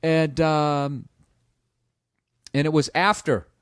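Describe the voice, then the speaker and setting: A man telling a long story in a casual podcast chat, rambling and profane, dropping into quick impressions of other people. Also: a little high, fairly even intonation, smooth, no echo, clean studio sound. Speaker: comedian guest. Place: small home studio.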